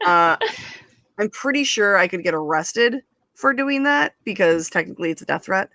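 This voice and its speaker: Bright, sarcastic woman guest. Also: medium pitch, expressive, moderate pace, dry recording. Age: 30s. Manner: sarcastic, profane banter. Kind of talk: casual chat.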